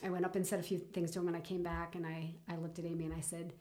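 A middle-aged woman telling a personal story in an interview, halting with many fillers and restarts. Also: lowish voice, flat delivery, a little mellow. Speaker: guest.

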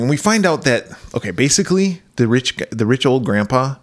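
A man's voice: medium pitch, very animated, fairly quick. A man co-hosting a podcast in casual chat, laughing often and swearing freely as he talks. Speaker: podcast co-host.

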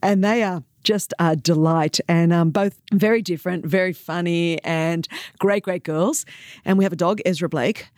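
A woman's voice: fairly low pitch, fairly even intonation, normal speed, a little mellow, dry recording, clean studio sound. A woman in her forties with an Australian accent, talking energetically and emphatically as a guest on a podcast, laughing often. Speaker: guest speaker. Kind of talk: casual podcast interview.

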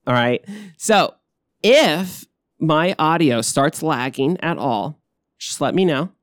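A man's voice: a little high, animated, slow, no room sound. A young man hosting a podcast, chatting casually from a hotel room, laughing often and correcting himself as he goes. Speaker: podcast host. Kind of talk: casual chat.

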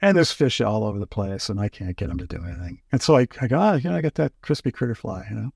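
A man's voice: medium pitch, animated, fast talker, gravelly, a little mellow, husky, no echo, clean studio sound. A man telling fishing stories in casual chat, acting out quotes with lots of fillers. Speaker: fly fishing guest.

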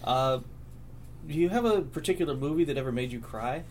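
A man hosting a podcast, asking short questions in a relaxed, casual way. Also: fairly high pitch, brisk, a little hiss or hum. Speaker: podcast host. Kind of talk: casual interview chat.

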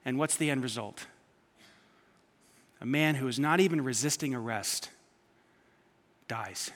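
A man preaching a sermon, telling personal stories with lively swings between quiet asides and loud emphatic bursts. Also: medium pitch, moderate pace. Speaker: pastor. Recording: long hall reverb.

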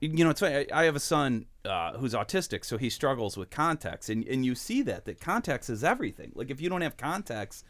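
A podcast co-host, an animated man who is blunt and profane, chats casually. His mid-range voice goes fairly quickly with hardly any pauses, and there's no echo.

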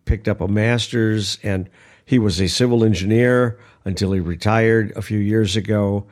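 Man, 60s, reflective, low voice, repeats himself. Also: darkish tone. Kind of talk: casual chat.

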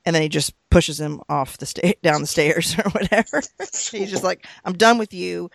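Gravelly-voiced podcast co-host. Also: mid-range voice, normal speed, slight background noise. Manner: easygoing, asks numbered questions, chuckles often. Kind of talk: casual discussion of a TV episode.

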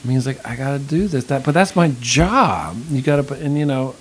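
A middle-aged man, an actor and acting teacher, rambles thoughtfully through a conversational interview with many restarts. His voice is medium-pitched, husky and expressive, moving a little fast. The audio is poor, with a faint hiss.

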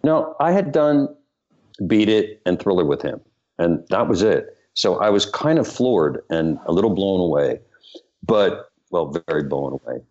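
A man, a choreographer and director, telling lively stories in an interview and acting out the people in them. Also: deep voice, unhurried. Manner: animated anecdote-telling, voices the people in his story. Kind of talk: storytelling interview. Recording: muffled lo-fi sound.

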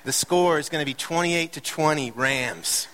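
A man's voice: on the high side, normal speed, fairly bright tone, slight background noise. A middle-aged man preaching a sermon as a pastor, conversational with light joking asides, building to impassioned emphasis. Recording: reverberant hall.

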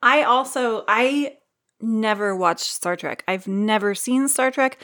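A woman's voice: a little high, slow pace, a bit bright, no room sound, studio quality. A woman co-hosting a podcast in casual chat, joking and self-deprecating, swearing now and then. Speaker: podcast co-host.

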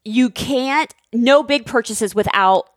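A woman with a voice on the high side tells a story slowly in casual chat alongside her husband, animatedly acting out quoted voices and using lots of "like" fillers. The recording is dry, with clean studio sound.

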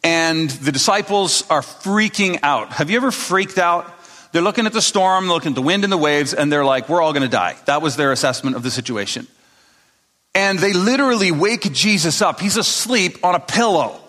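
A man's voice: a little high, lively intonation, moderate pace, sharp tone. A man preaching a sermon to a congregation in a casual, storytelling way, acting out the people in his stories. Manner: conversational storytelling, acting out quotes. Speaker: pastor. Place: church hall. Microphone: speaking to a live congregation. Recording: long reverb of a large hall.

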